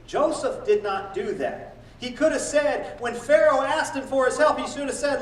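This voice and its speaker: High-voiced preaching man in echoey church. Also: moderate pace, distant mic. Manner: animated preaching, acting out prayers and boasts in quoted voices. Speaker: pastor. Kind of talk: sermon.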